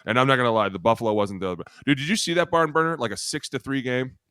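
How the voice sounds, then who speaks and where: A man co-hosting a football podcast, loud and animated, swearing through his rants. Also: mid-range voice, very fast, clean tone, dry recording, clean studio sound. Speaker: podcast co-host, former lineman. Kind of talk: profane sports banter.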